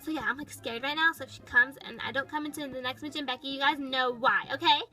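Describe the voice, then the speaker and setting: A woman's voice: high-pitched, fairly even intonation, quick pace, bright, forceful tone, faint music behind, poor audio. A woman voicing a bratty, dramatic young female toy pet, telling a toy storytime with valley-girl chatter full of "like". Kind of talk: toy-figure storytime narration.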